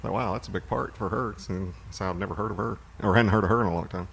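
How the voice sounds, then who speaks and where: A man's voice: on the low side, fast talker, creaky, a little hiss or hum. A man co-hosting a podcast, chatting casually and rambling about movies he has watched. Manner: relaxed, rambling storyteller. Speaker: podcast co-host.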